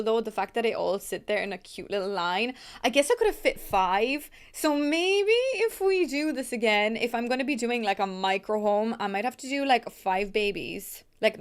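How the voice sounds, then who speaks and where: A woman hosting a gaming channel, giving casual let's-play commentary in a chatty way and scolding the game aloud in exasperation. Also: medium pitch.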